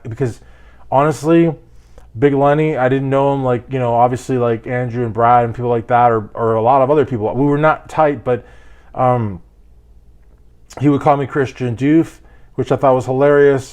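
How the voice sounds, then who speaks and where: A man's voice: mid-range voice, darkish tone. Rambling man musing aloud. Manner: rambling, heavy on fillers and restarts. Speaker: fitness channel host. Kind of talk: casual commentary monologue.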